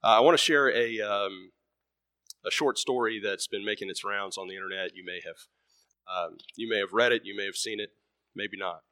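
A man's voice: on the low side, normal speed, bright, forceful tone, no room sound, clean studio sound. A man preaching a sermon in a conversational way, full of ums and uhs, who tells a story and lightly acts out its voices.

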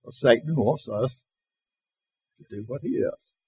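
A man teaching a Bible class, reading verses slowly and with emphasis and putting questions to his listeners. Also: medium pitch, darkish tone, slightly rough, lo-fi sound. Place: classroom or church hall with slides.

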